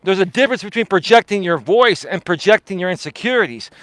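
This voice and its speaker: A man with a high voice rants on his live stream, swearing and hammering the same point over and over. He projects hard for emphasis, and the sound is close and dry. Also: lively intonation, quick pace, a bit bright, no echo, low-quality recording. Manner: confrontational, profane, emphatic and repetitive. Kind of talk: heated live stream rant.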